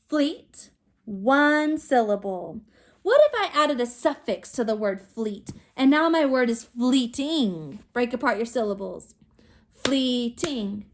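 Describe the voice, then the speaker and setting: A woman teacher recording a video phonics lesson for young children, sounding out words slowly and clearly. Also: high voice. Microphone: recorded to camera for remote students.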